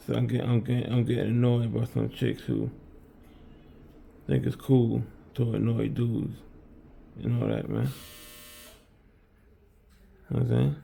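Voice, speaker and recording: A man banters loosely with his viewers while baking in his home kitchen. His voice is thick with gravelly fry and has a dark, mellow tone. He rambles and repeats phrases as he goes. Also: mid-range voice, a little hiss or hum. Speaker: streamer baking on camera. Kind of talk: casual live-stream chat with viewers.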